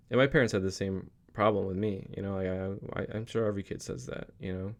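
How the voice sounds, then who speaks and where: This deep, darkish voice with noticeable vocal fry belongs to a young adult dad. He's vlogging his daily reflection for his children, talking casually and earnestly while rambling through frequent fillers and false starts.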